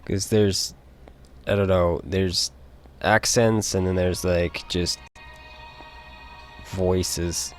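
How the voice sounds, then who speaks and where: Man, Utah accent, extremely deep voice, slow drawl, live streamer, rambling chat. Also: fairly even intonation, faint music behind. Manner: rambling, halting, swears casually.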